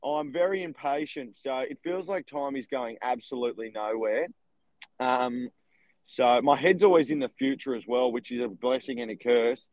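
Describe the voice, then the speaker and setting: Brief: young male co-host, animated storyteller, mid pitch, dry close mic. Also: moderate pace, no echo, dull audio. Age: young adult. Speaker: podcast co-host, real estate agent. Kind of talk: casual chat.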